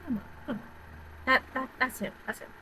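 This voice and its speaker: A woman vlogger in a casual, rambling rant, often repeating herself and swearing, swinging between loud outbursts and quiet mutters. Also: high-pitched, brisk, noisy background. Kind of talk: casual rant about horror movies.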